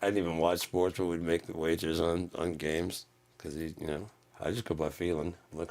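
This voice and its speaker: A man's voice: low voice, normal speed. A man telling a comic story in a casual, profane way, acting out what people said. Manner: profane, animated, acts out quotes. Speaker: channel host.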